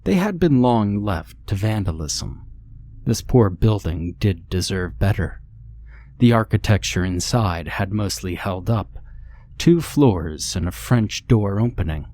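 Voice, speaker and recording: A man narrating a scary story in a measured, matter-of-fact way, in scripted horror narration. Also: fairly low pitch, lively intonation, mellow, dry recording.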